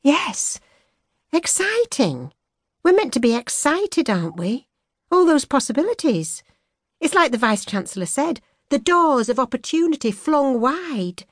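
Narrator lady doing a young yorkshire woman, higher bright voice, teasing and idealistic, dry studio sound. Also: very animated, no room sound. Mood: excited. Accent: soft Yorkshire. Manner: teasing, idealistic, quick to mock. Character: young Yorkshire woman graduate, earnest and sharp-tongued. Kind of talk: audiobook character voice.

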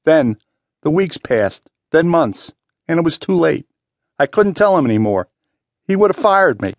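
A man's voice: medium pitch, animated, fairly quick, no room sound, studio quality. A male narrator voicing a wounded, frightened middle-aged man who moans in pain as he confesses. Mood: anguished. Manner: pained, moaning, confessing.

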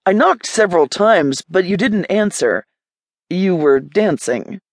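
A woman narrator voicing a confident, amused male design executive in an audiobook, speaking in a smooth, self-assured way. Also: high-pitched, expressive, measured pace, no room sound, studio quality. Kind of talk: audiobook character voice.

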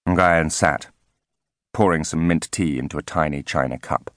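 Man, audiobook narrator, very low voice, dry studio sound, measured, wry. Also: fairly bright tone, no echo. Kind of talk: scripted narration.

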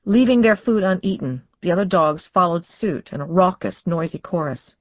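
A woman reading a suspense novel as audiobook narrator, in measured, tense storytelling. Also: fairly low pitch, expressive, no room sound, dull audio. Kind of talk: scripted narration.

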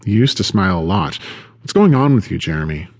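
A man voicing a cheerful female friend who hosts a dinner party, chatty and bright. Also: sits low, sing-song, fairly quick, slightly rough, big-room sound, exaggerated voice. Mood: coaxing.

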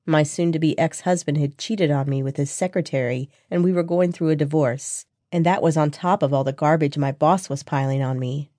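A woman reading a first-person audiobook in an even, intimate storytelling voice, close to a studio mic. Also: deep voice, moderate pace, few pauses, no echo. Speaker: audiobook narrator. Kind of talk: first-person scripted narration.

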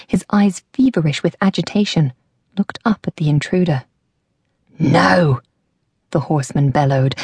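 Woman reading an audiobook, lowish husky voice, dark tone, dry booth sound. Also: no room sound. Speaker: audiobook narrator. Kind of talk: scripted audiobook narration.

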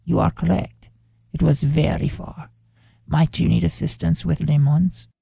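Woman voicing a soft-spoken Spanish-accented ranch hand. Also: sits low, fairly even intonation, a little slow, gravelly, breathy edge, no echo, studio quality, full character voice. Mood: courteous. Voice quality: soft, formal, gentle.

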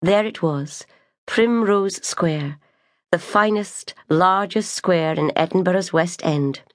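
A woman narrates an audiobook in a measured, gentle way. Her voice is slightly low and sits close and dry on the mic. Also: no echo. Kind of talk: scripted narration.

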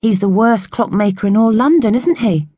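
A woman voicing a tiny spirited girl, high and emphatic. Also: normal speed, dark tone, slightly rough, no room sound, clean studio sound, close to an everyday voice. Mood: doubtful. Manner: indignant, emphatic. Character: tiny spirited young girl, three inches tall.

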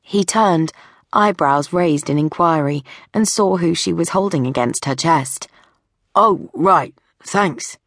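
Brief: woman audiobook narrator, lowish voice, measured and wry, close dry studio sound. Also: no room sound.

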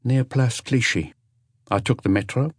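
A man reading an audiobook, voicing an older woman cleaner and ex-convict who answers calmly and bluntly, without fear. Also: mid-range voice, a little slow, no room sound, studio quality, pitched above the performer's own voice, natural voice. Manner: calm, unflinching, blunt.

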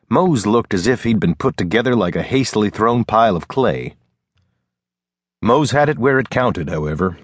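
Brief: low-pitched male narrator, measured Western storytelling, dry close studio sound. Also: slightly rough, no room sound. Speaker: audiobook narrator. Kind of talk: scripted narration.

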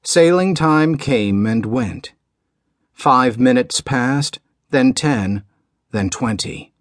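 A man narrating an audiobook in a measured, dramatic storytelling delivery. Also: medium pitch, animated, dry recording, studio quality.

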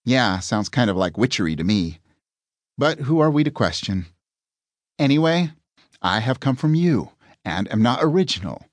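A man's voice: medium pitch, big pitch swings, moderate pace, long pauses, no echo, lightly acted. A man voicing a prim, courteous young woman in an audiobook, speaking with formal phrasing. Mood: explaining.

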